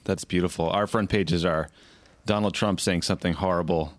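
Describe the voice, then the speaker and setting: Low voiced guy hosting a podcast, wry easygoing questions, dry close mic. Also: fairly even intonation, normal speed, no room sound. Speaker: podcast host. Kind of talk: casual interview.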